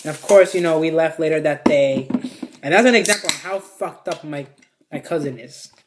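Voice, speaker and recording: A man's voice: on the high side, moderate pace, noisy background. A young man from Mexico telling a casual storytime tale, rambling with constant fillers and heavy swearing. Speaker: vlogger.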